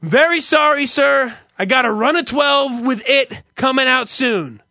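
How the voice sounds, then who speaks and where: A man putting on a self-important male fast-food manager who speaks in stiff, formal jargon. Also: very high voice, expressive, pushed and bright, no room sound, voice pushed up, exaggerated voice. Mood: officious. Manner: overly formal, clipped jargon.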